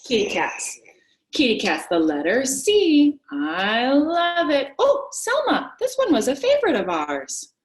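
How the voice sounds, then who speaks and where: A woman with a high, lively voice leads a kids yoga class in a playful, animated sing-song, drawing out her phrases. She sounds distant, in an echoey room.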